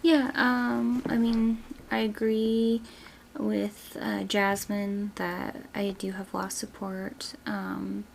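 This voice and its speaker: Slow, gravelly young woman. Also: medium pitch, completely flat delivery, a little mellow, slight background noise. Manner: hesitant, many fillers. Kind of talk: casual group discussion.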